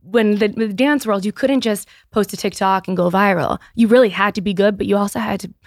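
Candid woman in her thirties, gravelly edge. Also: medium pitch, fairly quick, no echo, clean studio sound. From Boston area. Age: 30s. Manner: candid and animated, with frequent restarts and "like". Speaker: guest, business founder. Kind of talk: casual podcast interview.

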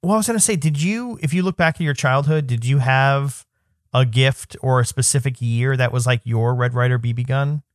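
A man's voice: normal speed, no room sound, studio quality. A man co-hosting a podcast, talking in a reflective, casual way with lots of "I mean" and "you know". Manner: reflective, many fillers, swooping pitch. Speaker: podcast co-host. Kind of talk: casual chat.

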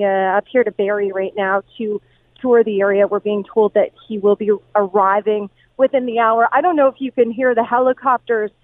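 A woman news reporter on the scene, talking in a halting way, repeating words and restarting sentences over the phone. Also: a little high, no room sound. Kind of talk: live phone interview. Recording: tinny dry phone line.

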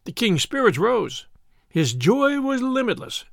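A man reading a classic novel aloud in measured storytelling narration. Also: very high voice, very animated, vocal fry, dry recording, studio quality. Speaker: audiobook narrator. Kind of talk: scripted narration.

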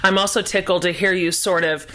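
A woman host leads a relaxed interview chat with enthusiasm. She laughs easily and keeps affirming her guest. Her voice is bright. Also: on the low side, fairly quick. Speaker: podcast host.

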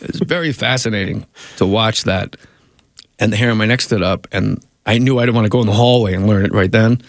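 A man's voice: fairly low pitch, fairly quick, gravelly, dry recording, studio quality. A man, a comedian and actor, telling rambling anecdotes in a casual interview, often cutting himself off.

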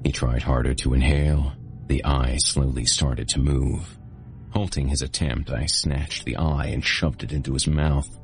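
Very deep-voiced male horror narrator. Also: unhurried, soft background music. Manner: steady, dark first-person storytelling. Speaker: host and narrator.

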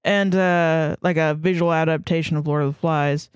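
A woman's voice: sits low, steady tone, moderate pace, smooth, dry recording, clean studio sound. A woman co-hosting a podcast in casual chat, laughing often and swearing freely. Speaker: podcast co-host.

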